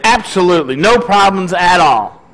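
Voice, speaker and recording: A man with a high-pitched voice delivers a sermon to his congregation. He talks in an easy, conversational way and keeps checking in with the room by asking questions. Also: animated, normal speed, fairly bright tone, low-quality recording. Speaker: pastor.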